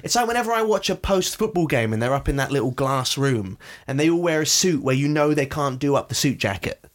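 A man co-hosting a podcast in casual chat. He talks in a chatty, playful way and slips into quick voices when he tells stories. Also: fairly high pitch, lively intonation. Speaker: podcast co-host.

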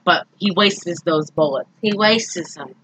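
A woman with a bright, forceful voice chats through a movie plot, animated and easily exasperated. A faint bit of noise sits under her voice. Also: on the low side, measured pace, poor audio. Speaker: podcast co-host. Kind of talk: casual movie recap chat.

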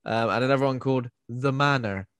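A man's voice: medium pitch, brisk, a bit bright, clear, resonant tone, dry recording, studio quality. A man co-hosting a casual podcast chat, rambling with fillers. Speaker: podcast co-host.

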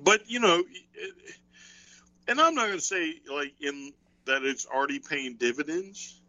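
Bright, dry-sounding man chatting casually. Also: a little high, expressive, a little slow, dry recording, poor audio. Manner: rambling, thinks aloud with many fillers. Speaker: podcast co-host. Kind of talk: casual wrestling chat.

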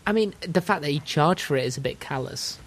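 A man's voice: a little high, animated, brisk, creaky, breathy edge. A man hosting a podcast, telling a story in casual chat with dry jokes. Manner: storytelling, dry jokes, puts on silly voices. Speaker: podcast host.

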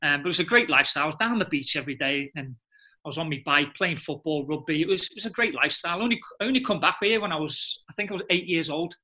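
A middle-aged man, a former footballer telling lively anecdotes in a casual interview and often laughing. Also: on the high side, rapid-fire. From England.

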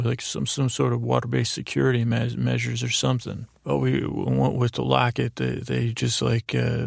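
A man's voice: medium pitch, vocal fry, dry recording. A man hosting a sleep story, telling a dream in a meandering way with many fillers and restarts, close to the mic. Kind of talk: rambling bedtime storytelling.

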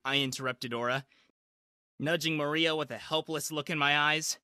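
A man reading a first-person story in a lively, expressive way. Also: on the high side, normal speed, clear, resonant tone, dry recording, studio quality.

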